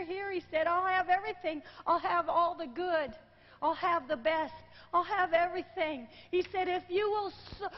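A woman preacher telling a story in a sermon, emotional and exclaiming, her voice tearful at times. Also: very high voice. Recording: dull lo-fi recording in a reverberant hall.

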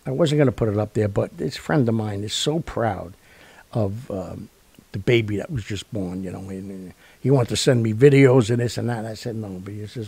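A man's voice: on the low side, normal speed, gravelly, a little mellow, husky. A man hosting a radio show, chatting casually in a rambling, joking way. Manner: rambling and jokey, full of fillers and asides. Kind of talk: casual sign-off chat.

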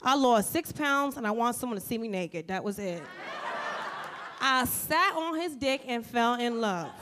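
A woman's voice: a little high, animated, a little slow. A woman doing a stand-up comedy set in a comedy club, with a brash, profane and sassy delivery into a handheld stage mic. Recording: live club audio with crowd noise.

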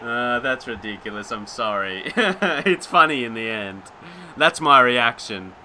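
A young man commentating his own football video game, excitable and quick to rant in frustration. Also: mid-range voice, slight background noise. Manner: excitable, swings into frustrated shouting and rants. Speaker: gaming YouTuber. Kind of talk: live gameplay commentary.

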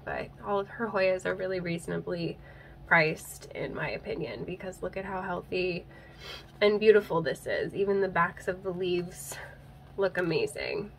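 With a low, creaky, slightly bright voice, a young woman who vlogs about plants gushes through a casual unboxing, laughing and tearing up as her voice catches. It's recorded on a handheld camera, low in quality, with a little hiss or hum.

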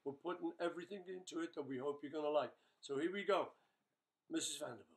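An older man chats loosely and jokingly, filling his answers with "you know" and "uh". His speaking voice sits a little high for a man. He sounds relaxed and easygoing, like a musician talking with his band. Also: quick pace. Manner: chatty, jokey, rambling with fillers. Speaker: rock musician answering fan questions. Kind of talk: casual webchat with bandmates.

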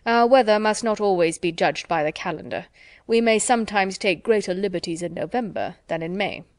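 A woman voicing a courteous, mild young gentleman who speaks in a gently indulgent way. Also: mid-range voice, a little fast, no room sound, clean studio sound, close to an everyday voice.

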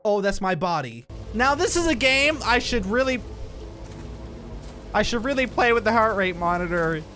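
A man's voice: sits high, very animated, moderate pace, music in the background. A young man playing a horror game and commenting on it, jumpy and exclaiming, with bursts of nervous laughter. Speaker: gaming YouTuber. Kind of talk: horror let's play commentary.

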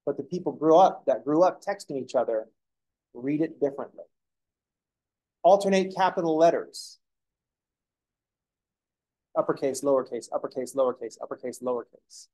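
A man's voice: on the high side, normal speed, long pauses, dark tone, poor audio. Chatty man lecturing a class. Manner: chatty, joking asides to students. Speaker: math lecturer.

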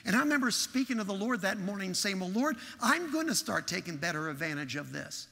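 A Texan man preaches a sermon in a large church sanctuary, telling a story and animatedly acting out its dialogue. His high, sharp voice has big pitch swings and vocal fry and moves a little fast. The recording has a long hall reverb.

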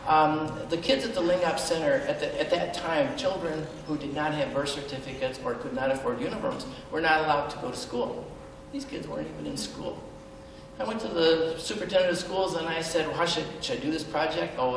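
Middle-aged male speaker, earnest storyteller with wry humor; distant mic in a reverberant hall, faint room noise. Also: fairly high pitch. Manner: earnest, with self-deprecating humor and hesitant fillers. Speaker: speaker at a benefit event. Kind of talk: personal storytelling speech. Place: large event hall.

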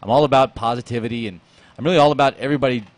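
A man's voice: medium pitch, racing, dry recording. A man hosting a casual radio talk show, joking and laughing easily in a studio.

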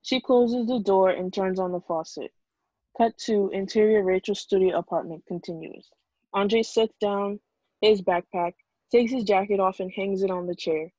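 A woman reading screenplay stage directions in a plain, even way over a video call. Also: mid-range voice, normal speed, no echo, muffled recording.

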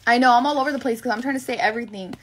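A woman's voice: fairly high pitch, rapid-fire, slight background noise. A young woman telling a long personal story on a live stream in a rambling, profane, emotional way. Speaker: livestreamer.

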